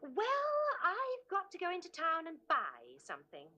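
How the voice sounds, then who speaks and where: A dry, sarcastic wife who teases her husband. Her very high voice is bright and crisp. Her pitch moves in a lively way. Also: moderate pace, full character voice. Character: dry, sharp-tongued middle-aged wife. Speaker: sitcom wife. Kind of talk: 1970s studio sitcom acting.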